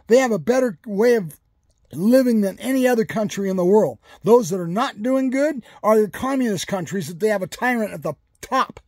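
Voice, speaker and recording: A man's voice: sits high, a little mellow, husky, dry recording, clean studio sound. A man delivering a furious, profane political rant, repeating himself with heated emphasis.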